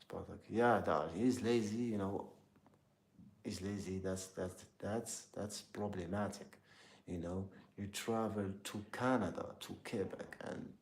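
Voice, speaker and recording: A young man from Algeria with an Algerian accent, chatting casually with live viewers and often pausing to search for his words. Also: sits low, creaky, a little mellow, a little hiss or hum. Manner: halting, searching for words, heavy use of "like" and "you know". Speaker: live streamer answering chat.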